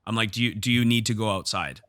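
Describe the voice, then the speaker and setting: Bright-voiced man telling a gym story. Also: fairly low pitch, fast talker, dry recording, studio quality. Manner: storytelling, repeats and restarts when heated. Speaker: podcast host and gym owner. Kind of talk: casual podcast conversation.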